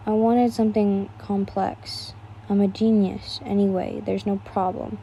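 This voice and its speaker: A woman's voice: mid-range voice, flat delivery, measured pace, warm tone, dull audio, a little hiss or hum. A young woman casually reading fan fiction aloud, tired and yawning, breaking off for chatty asides.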